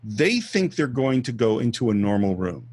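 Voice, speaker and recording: A man's voice: medium pitch, big pitch swings, moderate pace, darkish tone, husky, no echo. A man co-hosting a film podcast, talking through movie scenes and behind-the-scenes trivia in a casual chat.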